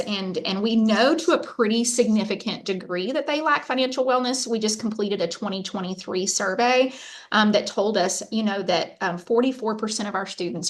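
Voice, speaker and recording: A woman's voice: medium pitch, a bit bright. A woman, a university faculty member giving a conversational presentation over a video call, chatty and full of fillers. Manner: chatty storyteller, lots of fillers.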